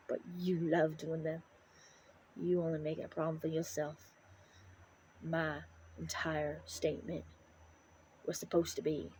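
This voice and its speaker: A woman's voice: low-pitched, warm tone, slight background noise, low-quality recording. Angry, cursing woman ranting. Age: middle-aged. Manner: angry, profane, preachy. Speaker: vlogger. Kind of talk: ranting monologue to camera.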